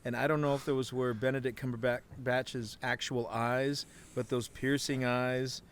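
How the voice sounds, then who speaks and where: A man's voice: mid-range voice, level tone, measured pace, clear, resonant tone. A man in a casual podcast film discussion, enthusiastic and talking in long run-on thoughts.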